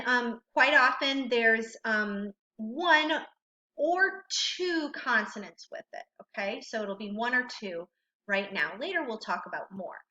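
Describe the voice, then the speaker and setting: A woman's voice: a little high, bright, forceful tone. A woman teaching a recorded phonics lesson, patiently asking questions and praising the learner. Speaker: reading teacher. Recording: roomy, slightly dull recording.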